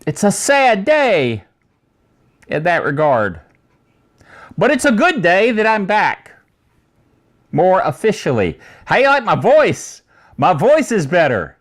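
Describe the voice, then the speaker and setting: A man's voice: high voice, huge pitch swings, slow pace, long pauses. A man hosting a casual tech news show, talking in a rambling, chatty way with many asides.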